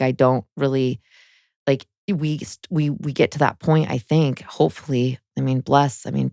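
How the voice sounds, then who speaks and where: A woman's voice: rumbling low, creaky, warm tone, no room sound, studio quality. A woman in her thirties, a guest on an interview show, telling her personal story frankly and emotionally, with many "like" fillers. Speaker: guest, spiritual guide.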